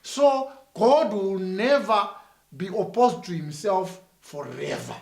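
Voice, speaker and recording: A man's voice: high voice, lively intonation, takes it slowly, creaky, a little mellow, echoey room. A man with a Zimbabwean accent, a church minister answering interview questions in an emphatic, sermon-like way, repeating phrases with rising force.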